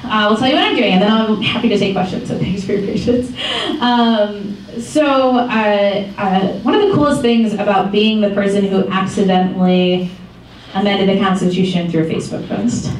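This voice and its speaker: A woman in her twenties from Michigan, giving a casual talk to a group as founder of a campaign, telling stories in a chatty, animated way with many ums and small laughs. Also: mid-range voice. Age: 20s. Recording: echoey far-off room mic with faint noise.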